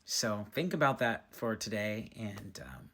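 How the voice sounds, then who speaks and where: A man casually telling viewers a personal faith story, acting out his own past words in a lifted voice. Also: a little slow. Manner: animated, acts out his own past lines in a higher voice. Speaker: Christian speaker sharing a testimony.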